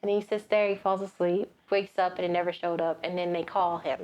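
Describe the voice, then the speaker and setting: A woman hosting a casual movie recap, animated and acting out the characters' voices as she tells the plot. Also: fairly low pitch, brisk, hardly any pauses, dull audio. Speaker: podcast host.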